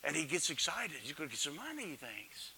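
A man preaching a sermon dramatically, swinging from loud calls to hushed near-whispers and putting questions to the congregation. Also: on the high side, very animated, fairly quick, slight background noise.

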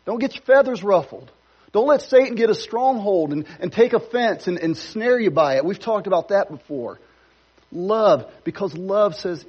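A man's voice: sits high, a little mellow, breathy edge, muffled recording. A man pastor preaching a sermon in a church, conversational with playful asides. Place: church sanctuary.

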